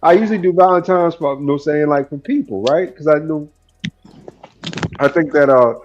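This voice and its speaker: A man's voice: on the high side, fairly quick, a little mellow. Rambling man telling a story, slightly muffled. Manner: rambling, profane storytelling with many fillers. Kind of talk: casual chat.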